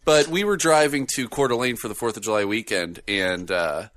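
A man's voice: medium pitch, normal speed, dry recording. A man hosting a casual podcast, joking and laughing often as he chats with his co-host. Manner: animated, laughs often, jokey.

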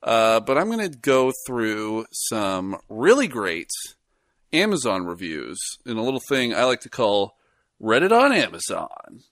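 A man co-hosting a podcast in casual chat, animated and rambling, often laughing. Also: on the low side, unhurried, no echo, clean studio sound. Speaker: podcast co-host.

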